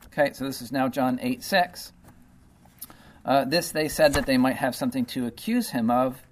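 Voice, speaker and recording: Man preaching in a chatty way. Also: fairly high pitch. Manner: conversational, frequent "okay" and "you know", reads scripture aloud. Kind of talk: sermon.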